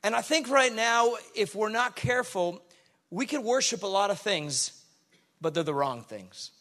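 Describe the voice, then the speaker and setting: A man's voice: sits high, expressive, a little slow, sharp tone. A middle-aged man, a pastor preaching a sermon full of chatty, self-deprecating stories.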